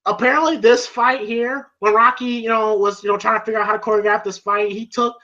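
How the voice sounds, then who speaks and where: An excitable man recapping a film for his vlog, swearing freely and leaning on fillers. His voice has a bright, sharp edge. The recording is dull and lo-fi. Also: high-pitched, fairly quick. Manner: excitable, profane, heavy on fillers. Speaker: film reviewer. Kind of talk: casual film review vlog.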